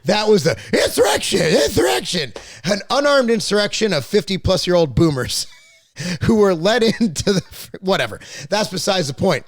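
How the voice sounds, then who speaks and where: A man's voice: high-pitched, sing-song, moderate pace, dry recording. A man hosting a podcast, talking bluntly and at length about politics, restarting his sentences and swearing now and then. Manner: opinionated, rambling, blunt with profanity; frequent restarts and repeated words. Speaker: podcast host. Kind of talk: casual political chat.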